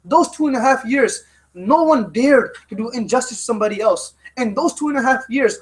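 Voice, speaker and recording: A man with a very high voice for a man delivers a sermon to a youth group. He speaks emphatically and stacks up repeated phrases, with frequent restarts. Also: poor audio. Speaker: religious teacher.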